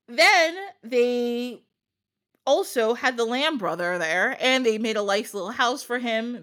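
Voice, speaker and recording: Podcast host, woman, high lively voice, lots of giggles. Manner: giggly, animated, dramatic retelling. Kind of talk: casual storytelling.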